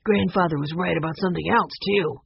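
A woman's voice: lowish voice, fairly quick, gravelly, husky, no room sound, muffled recording, exaggerated voice. Henry, woman voicing a confident teenage boy. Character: confident teenage older brother. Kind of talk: audiobook character reading.

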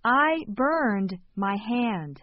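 A woman reading short phrases calmly, with careful enunciation, for a language lesson. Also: mid-range voice, very slow, no room sound. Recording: dull, lo-fi sound.

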